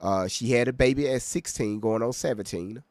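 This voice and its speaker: A man's voice: medium pitch, moderate pace, a little mellow, dry recording, studio quality. Emphatic man hosting a reaction stream. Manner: emphatic, keeps checking in with listeners. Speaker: reaction video host. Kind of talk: casual commentary to viewers.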